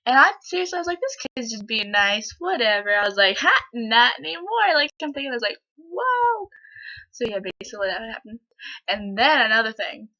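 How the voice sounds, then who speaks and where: A woman's voice: on the high side, bright, forceful tone. A teenage girl in her bedroom retelling a story to her camera in a rambling, casual way, full of fillers and quoted back-and-forth. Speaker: vlogger. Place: own bedroom, indoors. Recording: dull lo-fi home recording.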